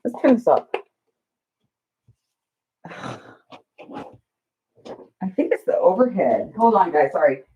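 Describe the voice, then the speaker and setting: A woman's voice: on the low side, sing-song, slow, long pauses, husky. A woman hosting a casual crafting livestream, flustered and self-deprecating, chatting to her viewers while she works. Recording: dull lo-fi livestream audio.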